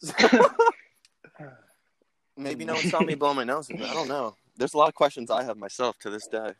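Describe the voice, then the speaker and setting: A man's voice: mid-range voice, fairly quick, fairly bright tone. A man casually telling a funny story from his teens, often breaking into laughter.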